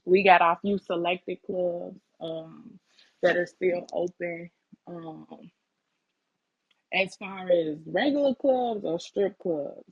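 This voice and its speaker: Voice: mid-range voice, slow, creaky, husky, no echo, lo-fi sound. An interview guest, talking casually and thoughtfully with lots of "like" and "um". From Chicago. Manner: thoughtful and hesitant, many "like" and "um".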